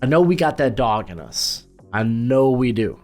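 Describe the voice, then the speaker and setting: A man's voice: medium pitch, big pitch swings, normal speed, a little mellow, soft background music. A man giving casual football commentary as host, loose and rambling with lots of fillers and restarts.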